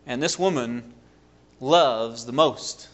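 A man preaching a sermon, retelling a story in an animated way and acting out the quotes. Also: mid-range voice, slow.

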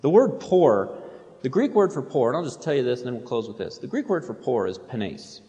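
A man's voice: medium pitch, very animated, fairly quick, warm tone. A man preaching a sermon, reading quotations aloud with rising intensity and otherwise explaining in a plain, conversational way. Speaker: pastor. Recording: long hall reverb.

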